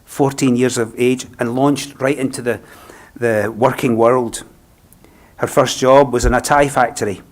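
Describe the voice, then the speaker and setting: A man with a Scottish accent, a funeral celebrant speaking a eulogy in a gentle, reflective, unhurried way. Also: mid-range voice, steady tone.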